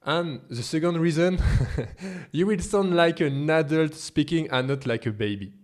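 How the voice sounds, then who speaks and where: A man's voice: on the high side, measured pace. French-accented man teaching pronunciation. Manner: emphatic, rhetorical questions, occasional laughs. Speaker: language teacher. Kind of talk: scripted video lesson.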